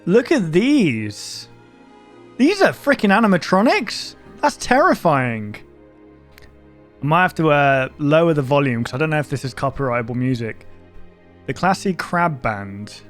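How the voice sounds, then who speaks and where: A man's voice: on the high side, very animated, normal speed, a bit bright. A man giving casual let's-play commentary, rambling and reacting aloud while joking about what he sees. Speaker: gaming YouTuber. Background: game audio and music.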